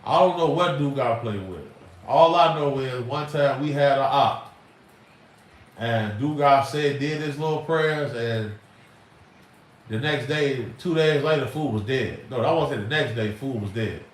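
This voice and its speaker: Speaking unhurriedly at a medium pitch, a middle-aged Chicagoan hosts a livestream full of emphatic, rambling, slang-heavy talk. The audio is roomy and echoey, with faint noise, as if he's sitting well back from the microphone.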